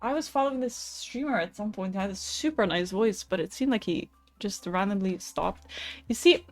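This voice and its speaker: A young woman with a mid-range voice hosts a live stream, chatting loosely with viewers, greeting them, and telling stories between card readings. She's animated and speaks at normal speed, laughing easily and dropping casual swears, while soft music plays faintly behind her.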